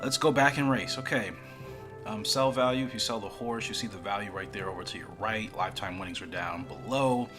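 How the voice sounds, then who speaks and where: A man's voice: on the low side, fairly quick, over music. A man casually commenting as he plays a mobile game for his channel, rambling along with self-deprecating asides. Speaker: gaming YouTuber.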